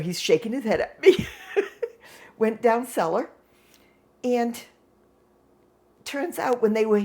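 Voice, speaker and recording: A woman, telling a story casually at home and laughing often. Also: mid-range voice. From New England. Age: 60s. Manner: excitable, laughs often, exasperated humor. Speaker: vlogger.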